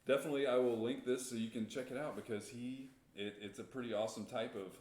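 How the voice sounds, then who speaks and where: A man's voice: mid-range voice, steady tone, fast talker, darkish tone, reverberant. A man co-hosting a podcast, casually retelling a story with rambling restarts and chuckles. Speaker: podcast co-host.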